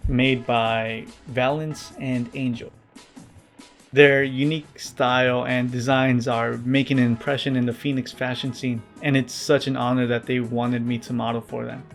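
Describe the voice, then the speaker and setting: A man narrating his own vlog in a scripted, deadpan way, with wry asides and an earnest, introverted manner. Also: mid-range voice, measured pace, gravelly, soft background music. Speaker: vlogger.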